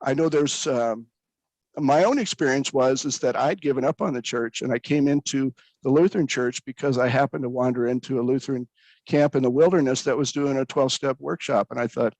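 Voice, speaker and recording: A man's voice: medium pitch, brisk, a little mellow, no echo, poor audio. Man, pastor, candid personal storytelling, earnest, restarts often, dry close sound. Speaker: recovering pastor guest.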